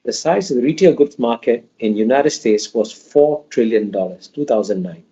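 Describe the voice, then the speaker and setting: A man answering interview questions in an emphatic, lecturing manner, with frequent restarts as he builds his point. His voice is mellow and somewhat dark. The audio sounds dull and lo-fi. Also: mid-range voice, animated, normal speed. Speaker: interview guest.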